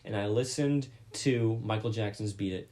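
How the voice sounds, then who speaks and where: A man hosting a podcast, casually retelling a mishap with lots of swearing and animated energy. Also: on the low side, moderate pace. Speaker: podcast host. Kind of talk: casual storytelling.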